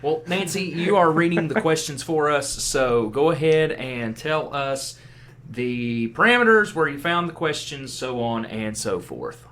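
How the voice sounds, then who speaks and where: A man's voice: on the high side, lively intonation, measured pace, a bit bright. A man co-hosting a podcast, chatting casually with teasing, competitive banter. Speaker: podcast co-host. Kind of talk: casual chat.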